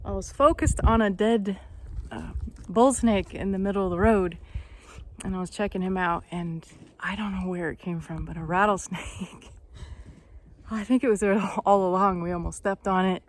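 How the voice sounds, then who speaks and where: A woman's voice: mid-range voice, steady tone, moderate pace, slight background noise. Chatty woman horse trainer outdoors. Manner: chatty and encouraging, thinks aloud. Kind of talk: casual vlog narration. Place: outdoors on a country ranch.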